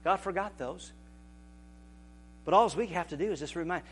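A man preaching a sermon as pastor, animated and building to shouts. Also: sits high, moderate pace, pauses often, a little hiss or hum.

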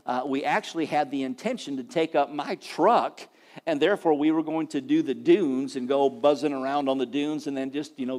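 Middle-aged man, higher pitch, animated casual storyteller. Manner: animated, builds excitement, quotes others. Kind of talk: casual anecdote to an audience.

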